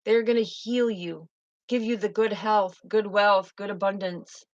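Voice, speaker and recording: A woman's voice: mid-range voice, steady tone, measured pace, no echo, highs cut off. A woman giving a spiritual tarot reading in a fervent, emotive way, often repeating herself. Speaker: tarot reader.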